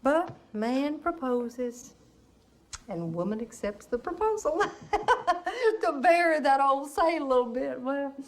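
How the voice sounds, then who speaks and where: A woman's voice: sits high, lively intonation, moderate pace. An actress playing a talkative, genteel middle-aged Southern mother in a film drama, with a Southern US accent and frequent laughs.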